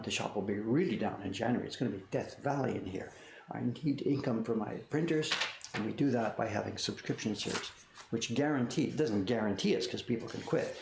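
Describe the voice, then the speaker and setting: An older man with a gravelly, fry-tinged voice chats casually on a livestream, working through viewer questions. He rambles and apologizes as he goes. The room is echoey, with a faint hiss behind him. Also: lowish voice, a little mellow. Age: 60s. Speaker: print shop owner and livestream host. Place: workshop.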